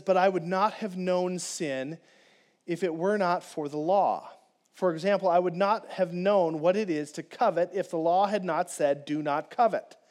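A man preaching a conversational, animated sermon as a pastor, speaking directly to his congregation. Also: high voice.

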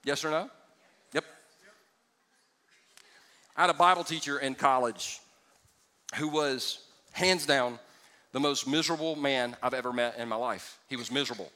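A male pastor preaching a sermon, joking with the congregation and dropping from loud exclamations to hushed asides. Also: mid-range voice, moderate pace, long pauses. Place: church sanctuary before a congregation. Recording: church hall with long reverb.

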